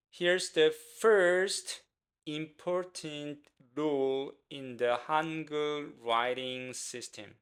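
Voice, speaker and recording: A man with a Korean accent teaching a beginner language lesson, speaking slowly and repeating words for learners. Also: medium pitch, a bit bright, smooth. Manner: slow, repetitive, encouraging teacher talk.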